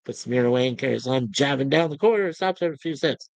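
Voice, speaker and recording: A man's voice: medium pitch, very fast, vocal fry, a little mellow, no echo, low-quality recording. A man casually retelling a sitcom scene by scene, rambling with fillers between the voices.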